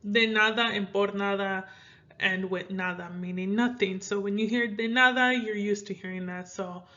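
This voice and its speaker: A woman's voice: mid-range voice, fairly even intonation, normal speed, bright, forceful tone, lo-fi sound. A young woman from Minnesota with a Midwestern American accent, teaching Spanish phrases in a casual, rambling way with many fillers. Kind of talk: casual language lesson.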